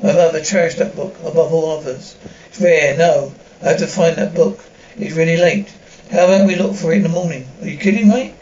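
A man's voice: fairly high pitch, fairly quick, hardly any pauses, darkish tone, muffled recording. A man reading a dubbed drama aloud, speaking the sound cues between the lines.

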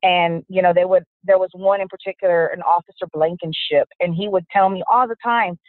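A woman, a guest telling her own story in an interview, frank and steady, with many fillers. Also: fairly low pitch, a little fast, few pauses, dry recording. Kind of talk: personal testimony interview. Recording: dry, tinny phone-line sound.

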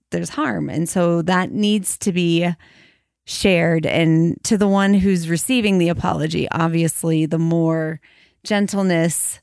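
A woman in her thirties with a slightly low voice talks through ideas in a measured, thoughtful way, slowing to lay out examples. The sound is dry and close, with no room around it. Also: dry recording. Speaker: podcast co-host. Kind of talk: casual conversation about marriage and faith.

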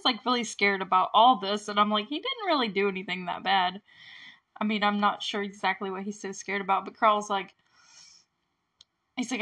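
A young movie review host walks through a film scene by scene in a loose, chatty manner, giggling often and filling her speech with "like." Her voice is an everyday middle pitch with a slightly bright quality.

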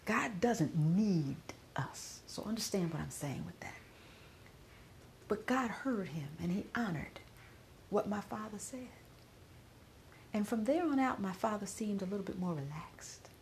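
A middle-aged woman podcaster giving a personal spoken reflection while grieving, often dropping to a soft whisper. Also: medium pitch, lively intonation, a little slow, a little hiss or hum.

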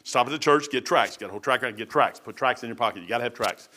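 A man's voice: medium pitch, fast. Folksy older preacher man. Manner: folksy, animated, acts out other people's voices. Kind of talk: testimony-style sermon, storytelling.

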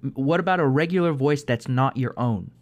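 A man hosting a casual chat, talking in an animated way and working through examples. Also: mid-range voice, a little fast.

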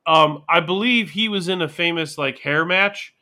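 A man in casual podcast chat who rambles and pokes fun at himself while working through his thoughts. His voice sits a little high, with a bright, forceful edge. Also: normal speed. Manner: rambling, self-deprecating, thinks out loud. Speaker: podcast co-host.

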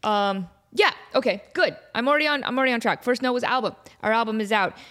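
A young adult woman hosting her podcast, telling stories in a casual, animated, self-mocking way, laughing often. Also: on the high side, fast talker. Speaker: podcast host. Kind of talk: casual storytelling monologue.

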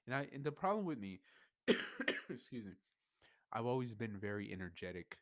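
Young male podcast host, low voice, dry close sound, emotional venting, swears and restarts often. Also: very animated, normal speed, no room sound. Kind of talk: personal venting monologue.

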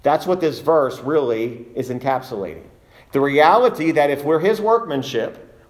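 Man, preacher, sermon, slightly high voice, measured emphatic delivery. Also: lively intonation. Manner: measured, emphatic expository preaching with slowed stressed phrases.

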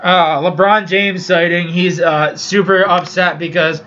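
A man's voice: high-pitched, fairly even intonation, measured pace, sharp tone, a little hiss or hum. A man hosting a casual solo sports podcast, rambling and swearing through his picks and opinions. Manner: profane, rambling sports rant. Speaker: podcast host. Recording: dull lo-fi recording.

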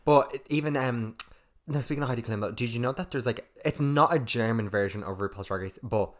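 Young male co-host, fast, gossipy, joking, mid-pitched. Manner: chatty and gossipy, with quick asides and jokes. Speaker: podcast co-host. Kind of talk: casual chat.

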